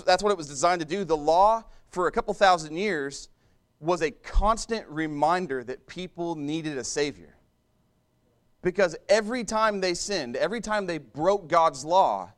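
Here a male preacher with a fairly high pitch speaks his sermon as if in conversation; phrases get repeated and restarted, and he keeps turning to the congregation with side remarks.

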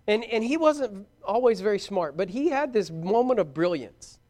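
A man with a very high-pitched voice preaches a fervent sermon. He is middle-aged and calls out his exhortations to his young listeners. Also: expressive, normal speed, a little mellow.

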